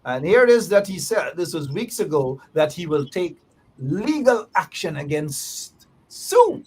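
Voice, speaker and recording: A man's voice: fairly high pitch, very animated, a little slow, a little mellow, husky. Male talk show host reading headlines. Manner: reads headlines aloud, repeats key phrases. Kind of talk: political talk show hosting.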